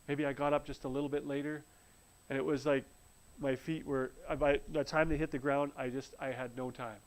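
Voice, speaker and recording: Telling his personal faith testimony over a live stream, this man speaks fairly quickly in a level, mid-range voice. His storytelling is earnest, with frequent restarted sentences, and the audio is rough.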